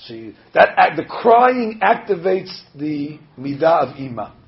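A man, a rabbi, preaching a sermon with animated storytelling, acting out the voices he quotes. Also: fairly high pitch, unhurried. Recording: dull lo-fi recording.

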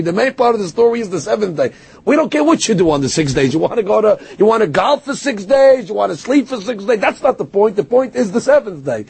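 A man's voice: high-pitched, vocal fry, darkish tone, breathy edge. A man giving a Torah lecture as a rabbi. He tells stories, quotes Hebrew verses and explains them, and answers a heckler with self-deprecating humor. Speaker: rabbi teaching a Torah class.

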